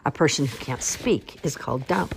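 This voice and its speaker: A woman's voice: very deep voice, expressive, moderate pace, vocal fry, slight background noise, exaggerated voice. A woman voicing a pompous, long-winded male swan father who makes grand, flowery speeches in a storybook reading. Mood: lecturing.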